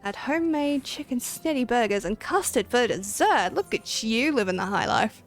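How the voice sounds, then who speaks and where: A woman with a rather high voice chats loosely while she plays, rambling and laughing easily. Faint music runs underneath her talk. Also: lively intonation, moderate pace. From Australia. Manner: chatty, giggly and rambling. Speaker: game streamer. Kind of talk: casual livestream chat.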